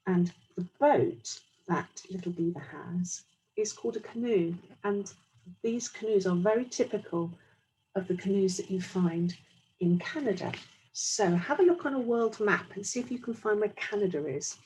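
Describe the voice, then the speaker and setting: A woman's voice: mid-range voice, animated, normal speed, a little mellow, husky, poor audio. A woman teacher reading a storybook aloud to young children, explaining as she goes.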